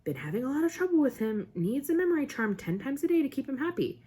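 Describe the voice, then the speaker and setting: A woman's voice: sits high, big pitch swings, quick pace, mellow, voice pushed up. A woman reading the part of an exhausted male wizard official who mutters wearily. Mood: weary. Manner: muttering, weary.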